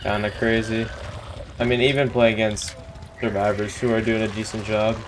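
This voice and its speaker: A young man with a lowish voice gives running commentary over his gameplay, reacting in disbelief and growing annoyance. There is a clear layer of noise behind his voice. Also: flat delivery, moderate pace, low-quality recording. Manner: reactive, incredulous, frustrated outbursts. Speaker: gaming streamer.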